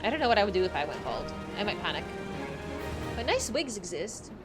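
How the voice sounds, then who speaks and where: A woman's voice: mid-range voice, big pitch swings, fairly quick, over loud music. A woman streamer giving casual, joking commentary while she plays. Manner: chatty, joking.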